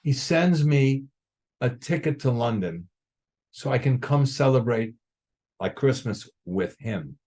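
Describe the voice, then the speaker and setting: An older guest drummer talks slowly at a medium pitch during a casual interview. His anecdotes are animated, and he plays out others' words as he tells them.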